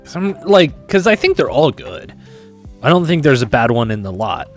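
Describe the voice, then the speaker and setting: A young male streamer talking to his chat, his pitch jumping around in a lively, animated way. He rambles, swears freely and restarts sentences often, with faint music playing underneath. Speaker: Twitch streamer. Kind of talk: casual stream chat, reading and answering chat.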